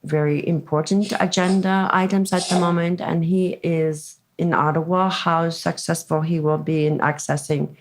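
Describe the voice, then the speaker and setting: A woman moderating a panel Q&A, speaking in a measured, explanatory way. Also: low-pitched, little pitch movement, noisy background. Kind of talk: panel Q&A discussion.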